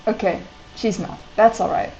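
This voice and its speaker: A woman's voice: mid-range voice, steady tone, normal speed, darkish tone, highs cut off. Young woman streamer, giggly chatty commentary, faint game music underneath. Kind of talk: casual gameplay commentary.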